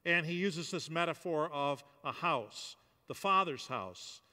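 A man's voice: a little high, lively intonation, measured pace, sharp tone. A male pastor preaching a sermon in a loose, conversational way, with fillers and restarts. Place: church hall. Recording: long hall reverb.

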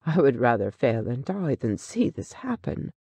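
Brief: reader doing a solemn, kindly businessman from an old story read aloud, slow and mellow. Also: medium pitch, lively intonation, husky, no room sound. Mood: solemn sorrow. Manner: solemn, sorrowful. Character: loyal, kindly businessman, grave partner.

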